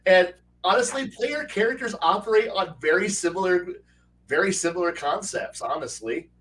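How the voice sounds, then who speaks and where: A man hosting a casual chat about tabletop game design, animated and laughing, acting out quoted voices and swearing now and then. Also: high-pitched, normal speed, recorded from a distance, rough recording. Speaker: host. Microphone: video call.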